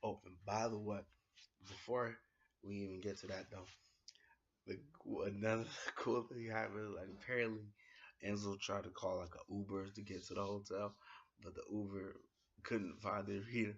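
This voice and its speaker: Slangy, excitable man reviewing wrestling. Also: lowish voice, moderate pace, dull audio. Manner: slangy, excitable retelling with many fillers. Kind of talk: casual spoken review recap.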